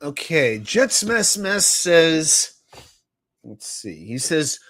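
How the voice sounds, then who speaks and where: A man's voice: fairly high pitch, takes it slowly, pauses often. A man hosting a casual sports talk livestream, running trivia and reading viewer comments aloud with a joking manner. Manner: animated, reads viewer chat aloud and jokes. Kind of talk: casual live-stream chat running trivia.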